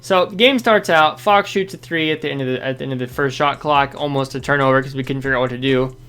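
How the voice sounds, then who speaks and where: Man, fan show host, casual game recap, rambling, self-correcting, frustrated, average pitch. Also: fast talker, fairly bright tone, clear, resonant tone.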